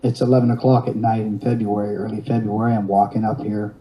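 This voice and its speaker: A man's voice: on the low side, flat delivery, fast talker, dark tone, rough recording. A man in his fifties telling a long personal story in an interview, rambling along with restarts and wry, self-mocking humor. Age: 50s.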